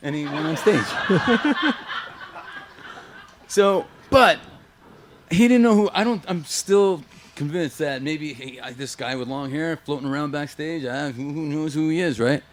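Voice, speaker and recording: Animated man telling road stories. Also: a little high, unhurried. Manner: animated anecdotes, acts out quoted voices, swears. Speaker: guest guitarist. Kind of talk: casual storytelling chat.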